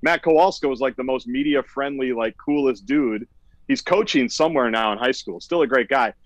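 A man in his forties talks as a guest on a podcast, rambling loosely and filling every pause with "like". His pitch is mid-range, and the sound is dry and close. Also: no echo, lo-fi sound. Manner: rambling, full of "like". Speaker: podcast guest, sports radio host. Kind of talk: casual podcast chat.

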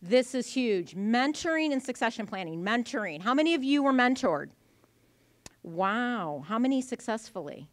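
Woman in her forties, keynote-style workshop talk, bright and expressive, acts out anecdotes, close dry mic. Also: fairly high pitch, moderate pace, no echo. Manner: animated storytelling, acting out voices. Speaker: conference speaker. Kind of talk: lively conference presentation. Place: event venue.

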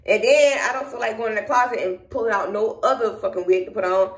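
A woman's voice: medium pitch, fast talker. Southern woman, young adult, casual vlog, frustrated rambling, echoey home room. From Georgia, USA. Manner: frustrated, rambling, speaks her mind. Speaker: vlogger. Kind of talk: casual vlog talk to camera. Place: at home, indoors.

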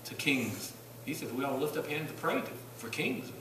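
A man preaching a sermon in a church, asking rhetorical questions, rising to loud bursts and dropping low. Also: very animated, fairly quick, noisy background. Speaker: pastor. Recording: echoey church room from a distance.

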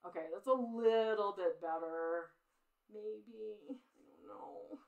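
A woman's voice: medium pitch, expressive, unhurried, narrow, tinny audio. A middle-aged woman art teacher giving a live-streamed drawing demo, chatty and self-critical as she talks through her work and laughs at her own mistakes.

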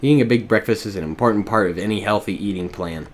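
A man's voice: lowish voice, fast talker, voice pushed down, natural voice. A smug vain young woman, read by a man. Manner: smug, self-satisfied. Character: vain young woman, smug about her new body.

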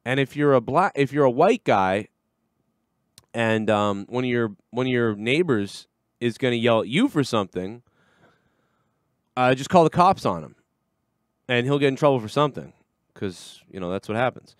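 A man's voice: mid-range voice, animated, normal speed, pauses often, no echo, studio quality. A man hosting a livestream show, talking casually and crudely, rambling and swearing often. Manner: rambling, crude, swears a lot, acts out voices.

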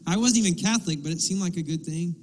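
Male pastor, high voice, animated sermon delivery, long church-hall reverb. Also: fast talker, slight background noise. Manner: animated, acts out quotes and asides. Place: church sanctuary.

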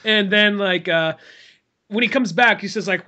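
A young man co-hosting a casual podcast chat, animated and swearing freely as he retells scenes. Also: a little slow. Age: young adult. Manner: animated, swears freely, acts out quotes in a high voice. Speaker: podcast host.

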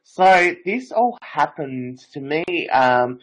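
A man's voice: on the high side, expressive, slow pace, a bit bright, low-quality recording. A nineteen-year-old man, a psychic medium and Reiki master, telling stories in a casual, rambling interview full of filler phrases.

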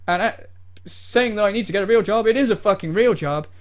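A man's voice: sits high, brisk, natural voice. A man doing a parody rant as a smug, whiny male gamer YouTuber who sneers and swears at his fans.

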